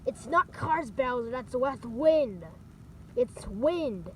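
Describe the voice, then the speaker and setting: A woman's voice: sits high, animated, slow, slight background noise, voice pushed down, low-quality recording. A woman voicing a bossy, impatient male plumber hero in a fan puppet comedy. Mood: insistent. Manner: insistent, bossy.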